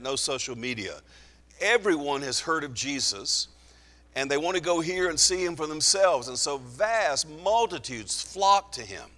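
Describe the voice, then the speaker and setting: A man's voice: mid-range voice, pushed and bright. Man preaching a sermon, earnest and emphatic, with a tense edge, heard in a big echoing hall. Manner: earnest, emphatic, slows for stress. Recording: long hall reverb.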